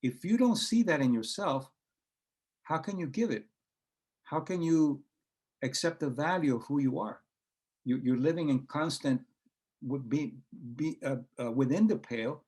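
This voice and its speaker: A man's voice: a little high, unhurried, long pauses, a little mellow, slightly rough. A man talking in a conversational interview, telling anecdotes and acting out quoted dialogue, with frequent hesitations and restarts. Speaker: guest author and researcher.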